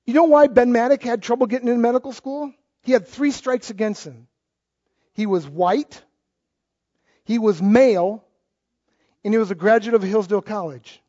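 A middle-aged man preaching a sermon as pastor, emphatic, jumping between loud exclamations and quiet asides. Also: very high-pitched, normal speed, pauses often. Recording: dull lo-fi church recording.

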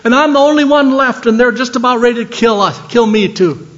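A man's voice: very high voice, a little fast, fairly bright tone, in a large hall, pitched above the performer's own voice. A man voicing the prophet Elijah, indignant and vengeful, with an impassioned, pleading delivery. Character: indignant weary male prophet, fiery and vengeful. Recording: dull lo-fi sound.

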